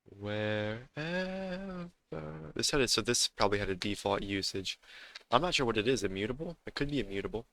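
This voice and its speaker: A man's voice: on the low side, expressive, moderate pace, bright, forceful tone. A man streaming live as he codes, muttering to himself, reading errors aloud and humming between tasks. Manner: mutters to himself while coding, hums and sings snatches. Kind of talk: casual live-coding stream.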